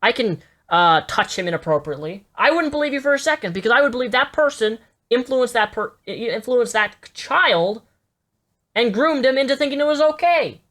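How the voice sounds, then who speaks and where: A woman's voice: on the high side, lively intonation, fairly quick, a bit bright. Woman, live reaction commentator; blunt, profane, stammery when heated.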